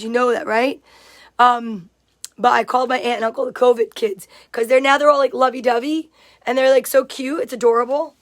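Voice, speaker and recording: A woman's voice: a little high, steady tone, brisk. A woman chatting casually on a livestream, greeting viewers by name and reading out their comments. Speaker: livestream host.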